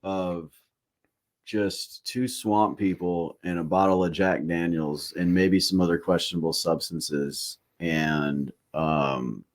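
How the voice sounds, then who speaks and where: Profane, rambling man, lowish voice. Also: steady tone, takes it slowly. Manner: loose, profane storytelling with frequent fillers. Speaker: podcast host. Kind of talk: casual chat.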